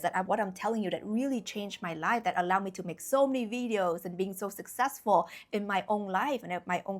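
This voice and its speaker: A young woman talking casually and bluntly to camera as a spiritual YouTuber, emphatic, with lots of fillers. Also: medium pitch. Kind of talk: casual direct-to-camera talk.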